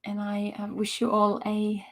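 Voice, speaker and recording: Gravelly woman hosting a live Q&A. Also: medium pitch, completely flat delivery, unhurried, a bit bright. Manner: hesitant, many ums, answers chat questions on the spot. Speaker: festival director hosting a live preview. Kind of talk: unscripted live-stream Q&A.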